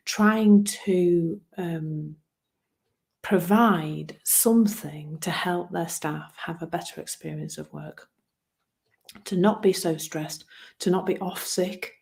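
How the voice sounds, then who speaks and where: A woman with a slightly low voice talks through her old approach to coaching. She is earnest and a little self-deprecating, chuckling at herself and circling back over words as she gathers her thoughts. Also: creaky, a little mellow. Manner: earnest, self-deprecating, laughs at herself, repeats words while searching for phrasing. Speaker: wellbeing coach. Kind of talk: reflective solo talk.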